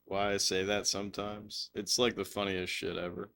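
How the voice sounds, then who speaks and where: A man chats loosely while live-streaming a game, swearing, laughing, rambling through stories, and slipping into silly put-on voices. His low, gravelly voice is level and fairly bright, moving at normal speed with few pauses.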